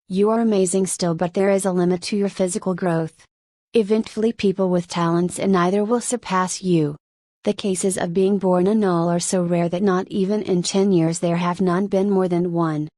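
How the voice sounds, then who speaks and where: A woman's voice: on the low side, darkish tone, dry recording, clean studio sound, close to an everyday voice. A woman voicing a smug teenage boy who teases and questions his training partner in an audiobook reading.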